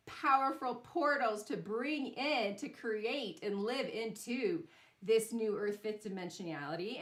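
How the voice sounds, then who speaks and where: A woman's voice: on the high side, reverberant. A woman hosting a sound bath ceremony, telling a personal story in a casual spiritual talk, often laughing and using fillers.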